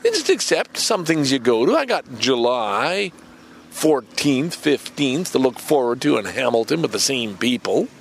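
Gravelly podcaster rambling outdoors. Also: male voice, medium pitch, very animated, unhurried, a little hiss or hum. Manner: chatty, acts out both sides of an imagined dialogue. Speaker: podcast host. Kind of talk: casual rambling monologue. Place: park bench outdoors.

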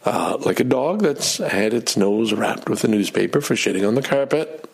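A man's voice: fairly low pitch, lively intonation, normal speed, vocal fry, breathy edge. A middle-aged man telling a personal story in a casual, self-deprecating way, acting out his own outbursts.

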